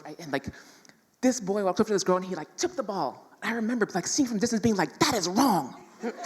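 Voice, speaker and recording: Low husky woman, animated emphatic storyteller, long hall reverb. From New York City. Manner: animated, emphatic, laughs often. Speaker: speaker in a stage talk. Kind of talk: personal storytelling talk to an audience.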